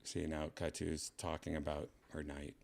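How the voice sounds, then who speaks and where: A man's voice: rumbling low, flat delivery, normal speed, gravelly, a little mellow. A man hosting a casual home vlog, rambling in a laid-back way while showing his cats in a room at home. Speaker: host showing his pets.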